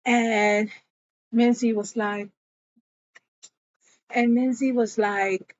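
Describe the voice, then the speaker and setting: A woman's voice: medium pitch, steady tone, very slow, pauses often, dry recording, lo-fi sound. A woman casually recapping a TV episode, telling the story in a chatty way and slipping into the characters' quoted lines as she goes.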